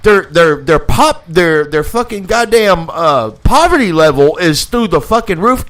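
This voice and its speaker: A man's voice: high-pitched, big pitch swings, a little slow, a bit bright. A man hosting a live talk show, ranting in a heated, profane way and repeating himself for emphasis. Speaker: podcast host. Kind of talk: casual profane political rant.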